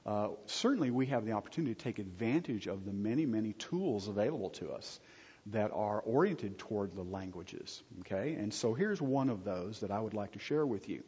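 A man's voice: fairly low pitch, animated, brisk, darkish tone. A man preaching a sermon as pastor, conversational, often checking in with the congregation and joking with them. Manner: asks the audience frequent check-in questions. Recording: husky voice, long hall reverb, dull lo-fi sound.

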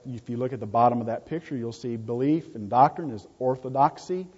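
A man preaching a sermon in a husky, mellow voice, hammering home his points by repeating words. The sound is dull and lo-fi, with a long reverb trailing off the walls of a hall. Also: medium pitch. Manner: emphatic, repeats key words for stress.

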